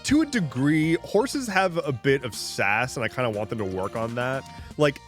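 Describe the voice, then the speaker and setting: This streamer has a mid-range voice with lively intonation and talks at a normal speed, faint music playing behind him. Playing a farming game live, he rambles jokingly to chat, drifting between topics, restarting a lot and swearing once in a while.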